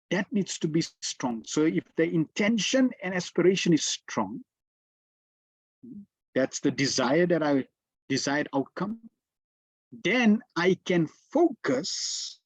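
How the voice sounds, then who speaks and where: A man giving a slow, deliberate devotional lecture as a spiritual teacher, telling stories with emphatic repetitions. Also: a little high, dry recording. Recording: dull, lo-fi dry sound.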